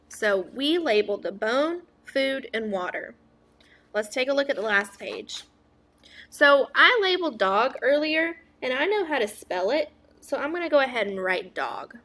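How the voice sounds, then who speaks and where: Slow, patient woman teaching phonics. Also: a little high, a bit bright. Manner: stretches out sounds, asks and praises an imagined class. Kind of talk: slow modeled phonics lesson for young children.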